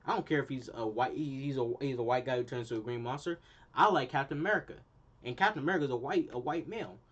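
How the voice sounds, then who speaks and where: A young man in college, a channel host, ranting casually in an animated, slangy, repetitive way, with a dull lo-fi sound. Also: on the high side, slightly rough. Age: young adult. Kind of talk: casual opinion rant.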